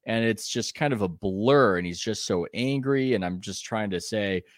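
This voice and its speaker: Low-voiced man telling a reporter's anecdote. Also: no room sound, clean studio sound. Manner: animated anecdote telling with quick asides and restarts. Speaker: sports reporter and guest. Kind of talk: conversational podcast interview, storytelling.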